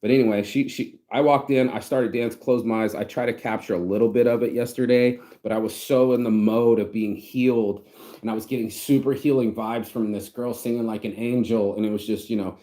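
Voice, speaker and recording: A man from the United States telling a story in a casual vlog, animated and slangy, acting out what people said. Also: mid-range voice, brisk. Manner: animated slangy storytelling, acts out quoted voices. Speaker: vlogger.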